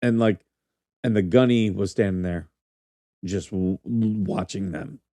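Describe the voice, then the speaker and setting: Low and dark, this middle-aged man's voice takes its time as he rambles through profane anecdotes on his podcast, laughing throughout. He's a former military officer, and the casual storytelling comes through in clean studio sound with no room ambience.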